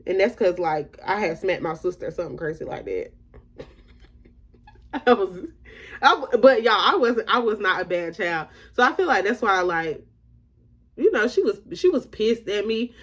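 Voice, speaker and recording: A woman's voice: mid-range voice, expressive, moderate pace, fairly bright tone, breathy edge. A young adult woman telling her viewers a story in a slangy, casual storytime, often laughing as she talks. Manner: chatty and slangy, addressing viewers as y'all.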